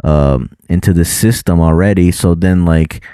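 A man's voice: low voice, unhurried, warm tone, smooth, no room sound, clean studio sound. A man in casual podcast chat who teases his friend and fills his talk with "like". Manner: teasing, filler-heavy with frequent "like".

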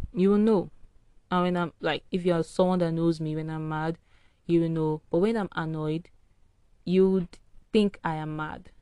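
Early in the morning at home, a tired woman hosts a solo podcast, ranting frankly and rambling in a casual way. Her low voice has a dark, clear and resonant tone, recorded with no echo.

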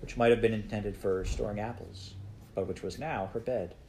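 Male audiobook narrator, measured storybook reading, mellow low voice. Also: fairly even intonation, a little hiss or hum, rough recording.

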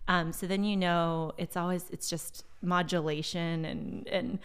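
Chatty woman telling quick stories. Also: fairly low pitch, clear, resonant tone. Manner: animated storyteller, mimics voices she hears. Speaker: guest. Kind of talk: casual conversation.

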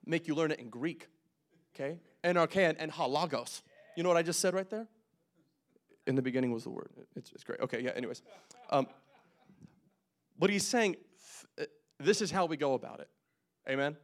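A young man preaching a casual, conversational sermon, joking and making quick asides as he works through scripture. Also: a little high, expressive. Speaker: pastor.

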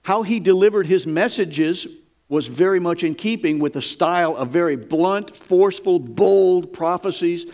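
A man's voice: sits high, normal speed, a little mellow. A man preaching a sermon in an emphatic, folksy way, with dramatic quoted lines.

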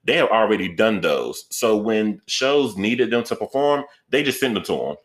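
A man's voice: on the low side, expressive, normal speed. A man co-hosting a casual pop-culture chat, rambling loosely and swearing a lot. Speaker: podcast co-host.

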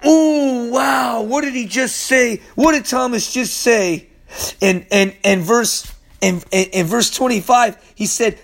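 Excitable high-voiced preacher man. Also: measured pace, creaky. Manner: enthusiastic, laughing often, repeating lines for emphasis. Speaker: preacher and host of a Bible teaching show.

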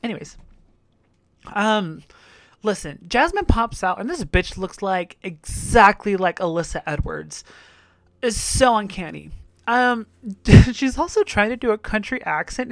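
A woman's voice: medium pitch, lively intonation, unhurried, no room sound, clean studio sound. Chatty, profane young woman reacting. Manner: chatty, profane, frequent laughter. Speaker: reaction video host. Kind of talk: casual reaction commentary.

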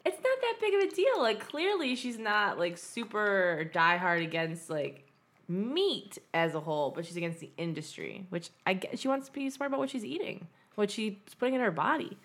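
A woman's voice: mid-range voice, expressive, normal speed, a bit bright. Blunt, profane woman podcaster. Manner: blunt, profane, fired-up advice giving. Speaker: podcast co-host. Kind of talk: casual chat.

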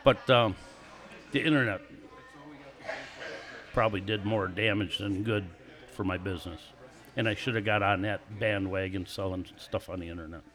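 A man's voice: fairly low pitch, fairly even intonation, moderate pace, long pauses, a bit bright. A man in his sixties, a former racer, telling casual anecdotes as a guest on a live show and chuckling between stories. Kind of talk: casual storytelling interview.

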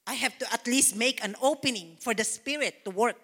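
High, bright-voiced woman pastor preaching. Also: fairly quick, husky, in a large hall. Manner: fervent, repetitive preaching with exclamations of praise. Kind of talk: sermon. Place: church sanctuary.

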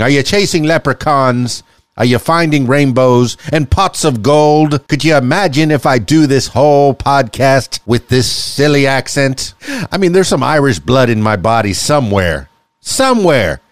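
A man's voice: medium pitch, expressive, moderate pace, no room sound. A man hosting a casual solo podcast, upbeat and chatty, laughing often. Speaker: podcast host. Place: small radio studio.

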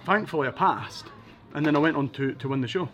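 A Scottish man from Edinburgh, a podcast guest telling animated anecdotes with wry asides. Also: on the high side, fairly quick, lo-fi sound. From Scotland, Edinburgh. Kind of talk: casual storytelling interview.

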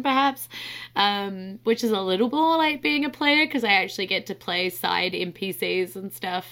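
A young woman with a New Zealand accent talks straight to her podcast listeners in a loose, candid monologue. Her voice is bright and forward, sitting at an ordinary pitch for a woman, and she laughs often as she goes. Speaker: podcast host.

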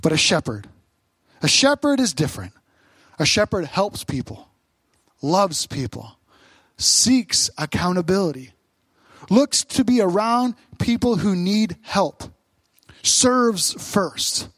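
A man's voice: sits high, very animated, slow, long pauses, fairly bright tone, husky, no room sound. A man preaching a sermon as pastor, stressing short repeated phrases.

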